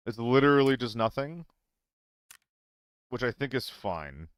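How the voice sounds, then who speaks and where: A man's voice: mid-range voice, lively intonation, measured pace, smooth. A young man streaming a game, chatting casually with viewers, self-deprecating and swearing freely. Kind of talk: casual live-stream chat.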